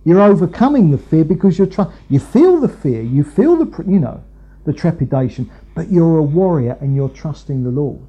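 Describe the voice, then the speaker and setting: Man preaching, husky and very dark-toned, slightly high voice, dull lo-fi recording, rambling. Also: very animated, normal speed. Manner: rambling, many fillers and restarts. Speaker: preacher, Bible teacher. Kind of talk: conversational sermon.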